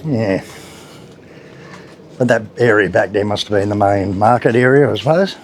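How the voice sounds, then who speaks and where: Walking city back streets for his travel vlog, an Australian man chats casually and bluntly, cursing occasionally, at a normal speed. His pitch is fairly low, and loud traffic and motorbikes can be heard behind him.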